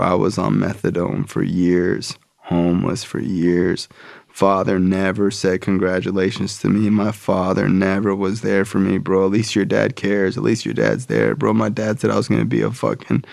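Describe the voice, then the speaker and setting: A man's voice: on the low side, gravelly, a little mellow, dry recording, clean studio sound. A man sharing his recovery story in profane, casual, slangy talk. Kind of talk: personal storytelling.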